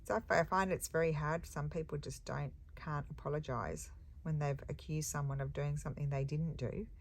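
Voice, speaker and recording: A woman's voice: deep voice, a little fast, vocal fry. A woman crafter chatting casually while she stitches, rambling and thinking aloud with hums and ums. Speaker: embroidery crafter and shop owner.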